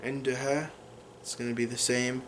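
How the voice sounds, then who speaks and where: A man explaining a language lesson in an unhurried way, pausing often with fillers as he works through examples. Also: medium pitch, flat delivery, a little hiss or hum. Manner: unhurried, many fillers and restarts while explaining. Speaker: language teacher.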